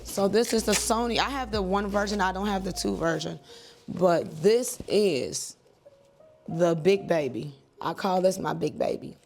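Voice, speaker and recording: A woman in her thirties, a church and wedding photographer, chatting to camera at home in a lively, rambling way. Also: medium pitch, unhurried, vocal fry, faint music behind. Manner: chatty, animated, digressive. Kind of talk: casual talk to camera.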